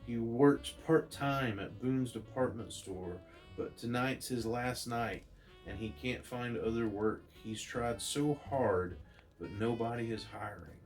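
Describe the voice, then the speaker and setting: A man's voice: mid-range voice, slow pace, faint music behind, lightly acted. A man reading as a distressed young woman. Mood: pleading.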